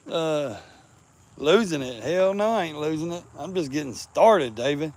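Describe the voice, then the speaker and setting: A man's voice: fairly high pitch, expressive, normal speed, darkish tone. A man chatting casually outdoors, rambling and crude, breaking into baby-talk for the cats around him. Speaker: vlogger.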